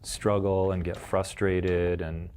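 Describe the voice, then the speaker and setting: Deep monotone male developer, dry wit. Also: slow pace, a little hiss or hum. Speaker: game developer interviewee. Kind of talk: documentary interview reflection.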